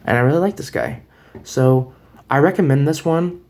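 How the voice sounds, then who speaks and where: A man's voice: fairly high pitch, moderate pace, a little mellow. Chatty man rambling through a toy review. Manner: chatty, rambling, restarts often. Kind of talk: casual product review. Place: home room. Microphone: camera on a table.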